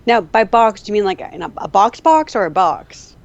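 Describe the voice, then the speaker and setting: A woman's voice: mid-range voice, big pitch swings, normal speed, no room sound. Teasing woman co-host, dull audio. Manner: teasing, laughs often. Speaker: podcast co-host. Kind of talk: casual podcast chat.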